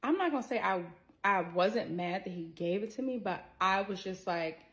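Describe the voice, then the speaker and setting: A woman telling a personal story to her viewers in a candid, animated way, swearing freely as she goes. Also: medium pitch, moderate pace, low-quality recording. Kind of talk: casual storytelling to camera.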